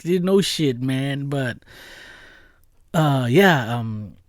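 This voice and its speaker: A man's voice: mid-range voice, lively intonation, extremely slow, dry recording, studio quality. A young man who is not a native English speaker, telling a story as a podcast host, rambling with lots of fillers and laughs. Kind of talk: casual storytelling chat.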